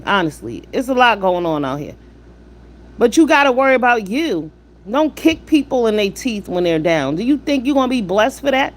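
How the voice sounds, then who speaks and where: A woman hosts a live stream, blunt and profane, firing off rhetorical questions and lecturing her chat. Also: fairly high pitch. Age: 50s. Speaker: livestream host. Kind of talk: live-stream commentary with chat shout-outs.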